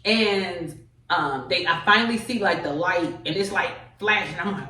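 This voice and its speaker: Lively woman comedian, roomy sound. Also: fairly low pitch, normal speed, distant mic. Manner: animated storyteller, acts out quoted voices. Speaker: comedian guest. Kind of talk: casual podcast chat. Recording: roomy, from off mic.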